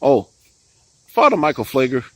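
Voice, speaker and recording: Man, heated profane commentary, swooping animated pitch, dry close sound. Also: moderate pace, no echo, low-quality recording. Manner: profane, heated, with frequent laughs and restarts. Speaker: political commentary vlogger. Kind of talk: ranting political commentary.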